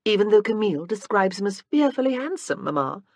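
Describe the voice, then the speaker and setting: A woman voicing a thoughtful, gently wry young gentlewoman in an audiobook. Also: medium pitch, big pitch swings, fairly quick, no room sound, clean studio sound, pitched above the performer's own voice.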